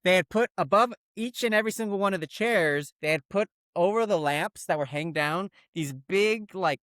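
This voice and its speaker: A man co-hosting a comedy podcast, telling a long story in an animated, rambling, profane way. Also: high-pitched, moderate pace, no room sound, clean studio sound. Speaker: podcast co-host.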